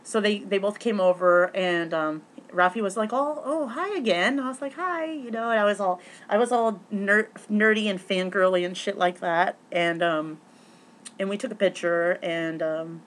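A woman vlogger rambling through a story in casual chat, excitable, with many fillers and restarts. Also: on the low side, moderate pace.

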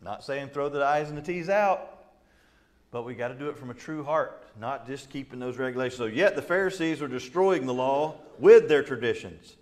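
Animated middle-aged man preaching a sermon. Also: mid-range voice, moderate pace. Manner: animated, acts out quotes with laughs and asides. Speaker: pastor. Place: church sanctuary.

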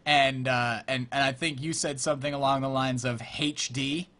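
A man's voice: mid-range voice, steady tone, normal speed, sharp tone. A man hosting a podcast, chatting playfully and laughing often. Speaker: podcast host. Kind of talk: casual chat.

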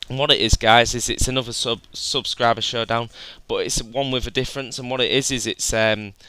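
A man talks over his gameplay footage as a channel host. His voice is bright and forward, with a very smooth, crisp clarity. He chats in a loose, rambling way and keeps calling his viewers "guys.". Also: mid-range voice, fairly even intonation, brisk. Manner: chatty, rambling, says "guys" often.

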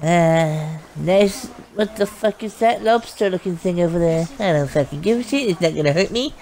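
A woman giving brash, profane comedic commentary while playing a game, yelling insults at enemies. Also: on the low side, moderate pace, a little hiss or hum. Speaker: gameplay commentator. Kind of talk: comedic let's-play commentary. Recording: game sounds loud behind the voice.

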